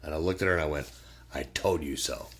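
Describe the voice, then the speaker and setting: A middle-aged man guesting on a podcast talks quickly in a husky bass voice. He chats casually and tells animated stories, performing the quoted voices and swearing freely.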